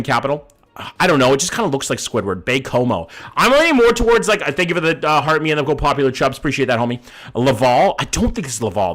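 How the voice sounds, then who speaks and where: A man's voice: medium pitch, a bit bright. A man streaming a game live, thinking aloud in a casual way, swearing now and then and greeting his chat by name.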